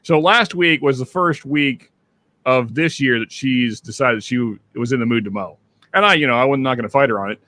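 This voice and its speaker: A man hosts a casual livestream chat, reading out viewers' names with quick greetings. His mid-range voice has a sharp tone and a slightly stuffy nose, and the recording is dry.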